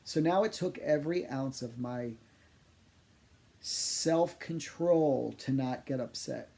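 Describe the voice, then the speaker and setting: A man, a psychic medium, telling funny stories to camera in a chatty, animated, self-deprecating way. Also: medium pitch, slow pace, vocal fry. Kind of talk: storytelling monologue to camera.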